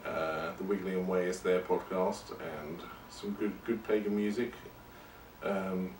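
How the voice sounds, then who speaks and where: A man hosts his podcast in a loose, rambling monologue, poking fun at himself as he goes. His voice sits on the low side. The sound is roomy, as if he is some way off the mic, with a faint hiss behind. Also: steady tone, unhurried, a little mellow, distant mic. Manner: rambling and self-deprecating. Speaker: podcast host. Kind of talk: casual monologue.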